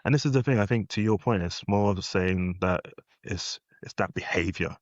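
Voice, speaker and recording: A British man co-hosting a podcast, chatting in a relaxed, agreeing way. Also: low-pitched, moderate pace, no echo, muffled recording. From Britain. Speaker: podcast co-host. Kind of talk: casual chat.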